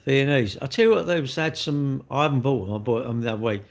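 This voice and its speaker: A man's voice: medium pitch, fast talker. An English man chatting on a live stream, rambling and blunt as he answers viewers in a slangy way.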